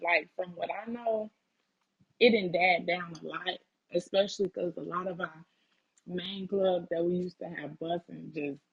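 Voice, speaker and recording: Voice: medium pitch, vocal fry, bright, forceful tone, husky, no room sound, dull audio. An interview guest, talking casually and thoughtfully with lots of "like" and "um". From Chicago. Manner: thoughtful and hesitant, many "like" and "um".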